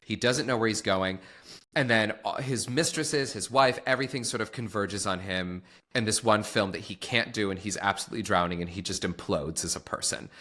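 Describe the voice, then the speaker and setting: Bright-voiced man co-hosting a chatty podcast. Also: fairly low pitch, brisk. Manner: animated, chatty, with restarts and fillers. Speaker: podcast co-host. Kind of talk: casual chat.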